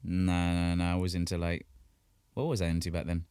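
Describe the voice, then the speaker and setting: A man from co-hosting a casual podcast chat, laughing often and jumping up in pitch when he gets excited. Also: a little fast, smooth, dry recording, clean studio sound. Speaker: podcast co-host.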